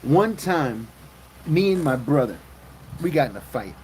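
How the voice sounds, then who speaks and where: A man chats to his livestream viewers and spins crude, rambling stories. His voice sits a bit high. Clear vehicle and road noise runs behind him. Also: sing-song, unhurried, poor audio. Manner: crude, rambling storyteller with loud acted quotes. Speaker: livestream host. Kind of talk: casual livestream chat with viewers.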